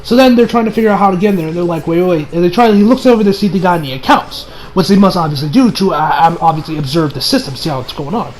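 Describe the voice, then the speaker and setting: A young man giving a casual, excitable anime review, swearing and laughing often. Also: high-pitched, racing, few pauses, a little hiss or hum.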